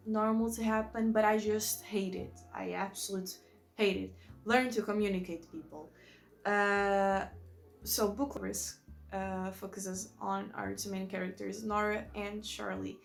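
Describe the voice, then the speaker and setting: A woman who is not a native English speaker, reviewing books in a rambling, enthusiastic way and often correcting herself. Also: mid-range voice. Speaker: book vlogger. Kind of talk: casual book review chat.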